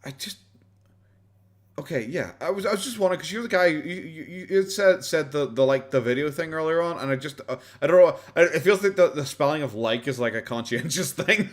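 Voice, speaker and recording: Irish male streamer, mid pitch, rambling and sweary, low volume, faint music under. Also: lively intonation, normal speed. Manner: rambling, swears, laughs often; kept quiet, not loud. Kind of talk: casual live-stream reaction chat.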